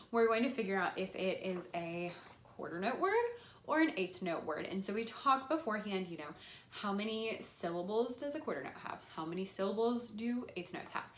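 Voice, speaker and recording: A young woman, an elementary music teacher, casually explaining a classroom lesson and acting out how she talks to her students. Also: reverberant. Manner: enthusiastic, acts out her classroom voice with big pitch jumps.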